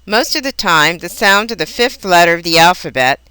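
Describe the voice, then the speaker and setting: A woman teaching a language lesson in scripted narration, pronouncing each example word slowly and carefully. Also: fairly low pitch, lively intonation, sharp tone, clear, resonant tone, no room sound. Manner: slow, careful, precise enunciation of example words.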